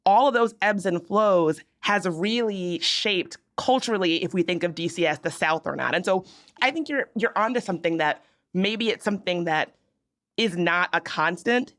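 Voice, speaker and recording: Low-voiced woman co-hosting a podcast. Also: fairly bright tone. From American South. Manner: conversational, explains with asides and humor. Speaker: podcast co-host. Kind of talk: casual chat.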